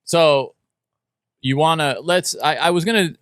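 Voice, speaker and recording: A man's voice: on the high side, a little slow, fairly bright tone, clean tone, dry recording, studio quality. A man co-hosting a podcast, chatting casually and laughing along.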